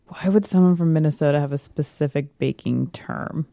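A woman's voice: low voice, moderate pace, gravelly, mellow, no echo, clean studio sound. A woman panelist on a word game who keeps questioning the host in casual banter. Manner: quizzical, asks lots of questions.

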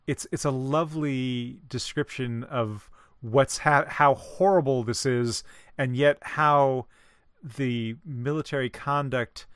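A man talks through a story at an unhurried, deliberate pace, often pausing mid-thought to find the right word. His voice is smooth and resonant. The recording is close and dry. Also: medium pitch, steady tone, fairly bright tone, no echo. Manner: measured, explanatory, pauses to find words. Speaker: discussion co-host. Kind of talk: casual literary discussion.

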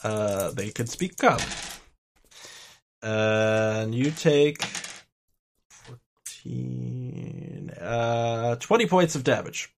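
A man narrating as game master of a tabletop game, explaining rules with a relaxed, chuckling manner. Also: mid-range voice, extremely slow, creaky, pauses often, a little hiss or hum.

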